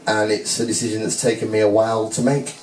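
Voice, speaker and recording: A man's voice: fairly low pitch, little pitch movement, fast talker, background noise. A man giving a joking, self-mocking groom's speech at a wedding reception. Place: wedding reception hall with guests. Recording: echoey hall, heard from a distance, with a crowd.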